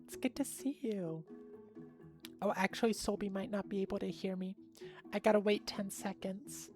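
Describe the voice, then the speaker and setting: A woman's voice: mid-range voice, steady tone, moderate pace, a little mellow, faint music behind. A young woman streaming live, chatting casually with her viewers in a bubbly way and laughing often.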